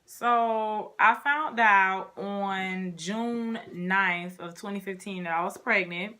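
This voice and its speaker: A woman's voice: mid-range voice, steady tone, slow, pushed and bright. A woman in her twenties telling a casual storytime to her viewers, chatty and talking straight to them. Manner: chatty, addresses viewers as y'all. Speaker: vlogger.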